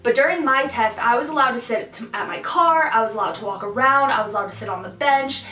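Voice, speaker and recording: Chatty pregnant young woman vlogging, bright higher voice, echoey room a bit off mic. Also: quick pace, far from the mic, soft background music. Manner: chatty, lots of "like", animated asides. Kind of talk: casual pregnancy update vlog. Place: hot room indoors.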